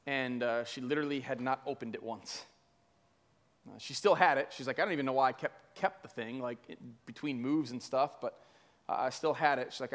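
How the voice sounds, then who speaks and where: A man preaching as a pastor, telling a story conversationally with many fillers. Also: mid-range voice. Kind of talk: sermon storytelling. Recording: long hall reverb.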